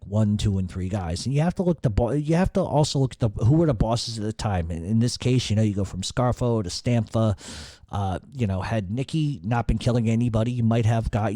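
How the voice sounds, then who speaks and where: A man's voice: medium pitch, warm tone, no echo. A middle-aged man hosting a radio Q&A, talking in a blunt, profane, ranting way. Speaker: podcast host. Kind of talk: casual radio Q&A.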